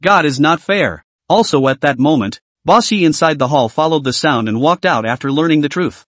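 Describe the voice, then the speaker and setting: Animated man narrating a dry story recap. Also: fairly high pitch, normal speed, hardly any pauses, no echo. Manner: lively storytelling, reads every character himself.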